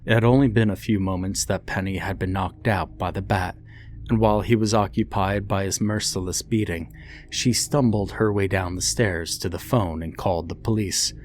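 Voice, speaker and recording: A man reading a horror story aloud in a slow, deliberate, grim way. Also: sits low, steady tone, slight background noise. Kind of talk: scripted horror narration.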